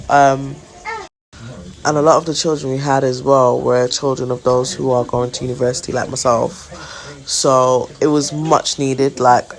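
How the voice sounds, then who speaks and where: A young woman, a nursery owner recounting an inspection in an indignant, animated storytelling vlog, full of "like". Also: very deep voice, poor audio. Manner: indignant, animated retelling with frequent "like".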